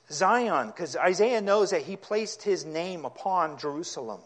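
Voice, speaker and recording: A man preaching a sermon, reading scripture aloud and explaining it, his delivery growing impassioned until he is nearly yelling. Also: sits high, expressive, unhurried. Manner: impassioned, rising to yelling at times.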